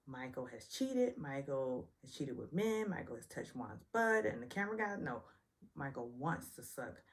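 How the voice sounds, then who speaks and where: A woman hosting a casual reality TV recap, chatty and sassy, often joking about her own stumbles. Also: on the low side. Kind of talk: casual episode review.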